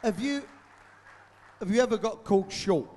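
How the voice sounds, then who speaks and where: A man's voice: sits high, animated, measured pace, darkish tone, a little hiss or hum. A man hosting a live stage interview, cutting in with jokey remarks and passing on heckles from the crowd. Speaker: interviewer host.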